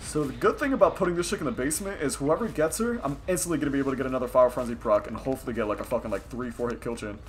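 A young man giving excited, profane live commentary while playing a video game and talking at his opponents. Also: mid-range voice, racing, few pauses, slight background noise. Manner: hyped, profane, talks to opponents on screen. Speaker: gaming streamer. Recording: game music behind the voice.

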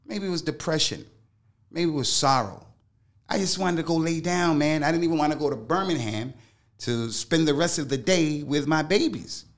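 A man's voice: fairly high pitch, moderate pace. A middle-aged man, an Islamic scholar, speaking as a guest in an interview. He talks emphatically in casual slang and repeats phrases to drive a point home. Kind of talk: interview storytelling.

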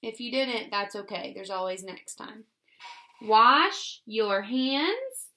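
Slow bright-voiced woman teacher. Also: sits high, lively intonation. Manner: slow, exaggerated sounding-out of words. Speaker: first grade teacher. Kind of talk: phonics lesson for young children.

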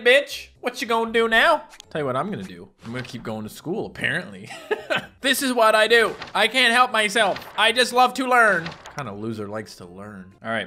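A man giving casual, jokey commentary while playing a video game, swinging between low mumbles and loud excited yelps. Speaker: gaming YouTuber. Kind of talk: casual let's-play commentary. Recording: faint game music behind.

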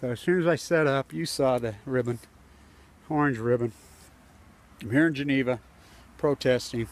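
A protester from the United States films himself on a phone outside by a building entrance. Speaking at a moderate pace in a mid-range voice, he rants angrily with heavy profanity and lots of repetition.

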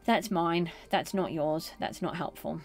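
A middle-aged woman streaming a game, chatting casually with viewers and answering them in a gentle, consoling way. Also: sits low, measured pace, vocal fry, soft background music. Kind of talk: casual live-stream chat.

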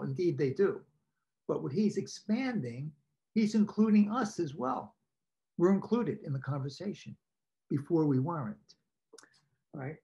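A man, a priest, leading a parish workshop with slides, talking informally with asides and questions to his listeners and clearing his throat now and then. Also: on the high side, warm tone. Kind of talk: conversational teaching talk with slides. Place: parish meeting presenting slides.

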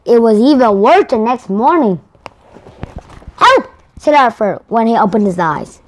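A woman's voice: on the high side, expressive, moderate pace, a little mellow, slight background noise. A woman whose first language is Korean, reading a picture book aloud with care and correcting herself as she goes. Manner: careful, with restarts and self-corrections. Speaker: storyteller.

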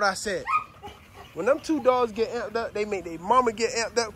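A middle-aged man vlogging casually while doing kennel chores, talking loosely in slang, calling viewers fam and shouting at his dogs. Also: high voice, moderate pace. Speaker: dog kennel owner. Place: outdoor dog yard with kennels. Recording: outdoor yard noise with dogs barking. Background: dogs barking.

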